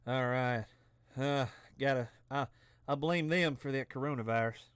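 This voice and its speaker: A tipsy man rambles through a let's play, profane and jokey. His voice sits at an ordinary middle pitch. The sound is dry and close-miked, with no room echo. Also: moderate pace, clear, resonant tone. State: tipsy from drinking. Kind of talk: drunken let's play commentary.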